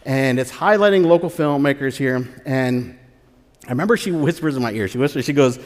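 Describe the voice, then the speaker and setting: A man telling his own story live on a theater stage, animated and excitable, often laughing as he talks. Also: medium pitch, normal speed, noisy background. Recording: reverberant live theater hall.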